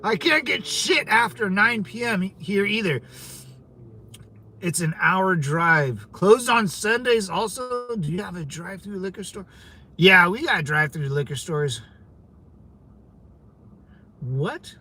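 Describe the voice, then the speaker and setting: This livestream host is a young man with a high, pushed, bright voice that is also husky and animated. He takes it slowly with long pauses while casually chatting, reading comments, laughing often, and repeating himself.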